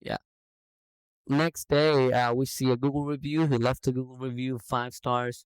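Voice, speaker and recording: Animated man telling a story. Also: mid-range voice, a little slow, clean tone, dry recording, poor audio. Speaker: business owner. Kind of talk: casual podcast storytelling.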